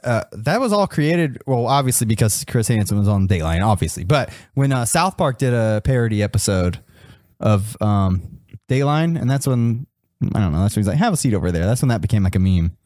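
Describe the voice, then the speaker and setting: Young male podcast host, excitable and profane, very lively pitch, dry sound, faint music behind. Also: moderate pace, no room sound. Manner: excitable, swearing, laughs a lot. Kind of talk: casual chat.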